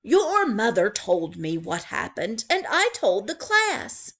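A kind male owl teacher from a picture book, patient and reassuring, played by a woman reading aloud. He speaks slowly and gently but firmly. A little gravel sits under the voice. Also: mid-range voice, wildly swooping pitch, full character voice. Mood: gentle.

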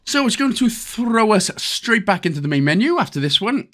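Welsh male gaming host, fairly high voice with a bouncy lively delivery, chatty and jokey walkthrough commentary. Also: moderate pace. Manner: chatty, jokey, step-by-step instructions. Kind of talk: casual game walkthrough commentary.

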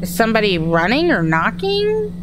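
A woman's voice: a little high, huge pitch swings, normal speed, noisy background. A woman from Texas, chatting through a horror game as she plays, thinking aloud and startling easily. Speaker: gaming streamer. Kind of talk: horror game let's-play commentary.

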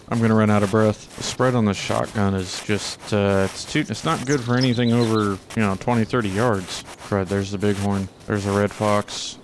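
A man with a lowish voice giving relaxed, chatty commentary over his own gameplay. He talks to the animals on screen and swears only mildly. A faint hiss of noise sits under the recording. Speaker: gaming channel host.

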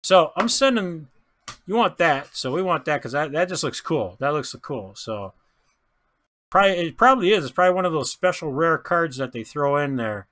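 An excitable man talks through a pack break in a loose, chatty way, tripping over names and laughing as he goes. His pitch swoops all over and sits a bit high, and his tone is bright and forceful. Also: moderate pace. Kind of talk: casual card-opening commentary.

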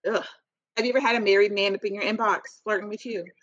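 A woman co-hosting a podcast, telling a story in blunt, animated casual chat and laughing often. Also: medium pitch, fast talker, dry recording, highs cut off. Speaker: podcast co-host.

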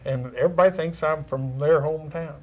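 A middle-aged man with a thick West Texas drawl, talking as an interview guest. He chats in a relaxed, folksy way, drops down-home words and chuckles now and then. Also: on the high side, a little fast. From California. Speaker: actor and former rodeo cowboy, interview guest.

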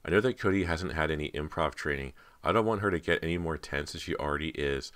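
A man's voice: very deep voice, fast, fairly bright tone. A man doing a catty, condescending teen actress. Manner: condescending and mocking. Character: snide teenage girl actress, catty rival.

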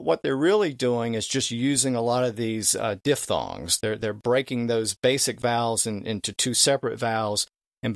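A man's voice: medium pitch, no room sound, clean studio sound. A man on a podcast, a guest expert explaining the history of English and stretching out vowels to demonstrate old pronunciations.

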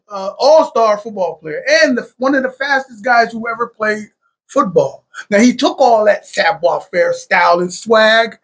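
A man hosting a casual podcast discussion, talking in an animated, enthusiastic way with many fillers. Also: sits high, breathy edge. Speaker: podcast host.

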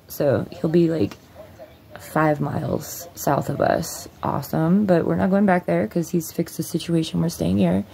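A woman's voice: on the low side, measured pace, vocal fry, warm tone. A woman vlogger at home, bluntly and profanely retelling a story in a casual storytime.

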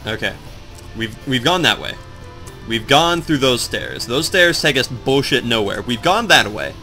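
A man in casual gameplay commentary, just up and groggy, rambling to his viewers and swearing as he gets lost and then excited. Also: mid-range voice, a little slow. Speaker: let's play commentator. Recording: faint game music behind.

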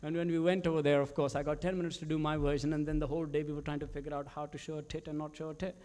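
Speaking very fast in a slightly high voice, a man who directs commercials recounts work stories with animation. His talk is full of fillers and restarts.

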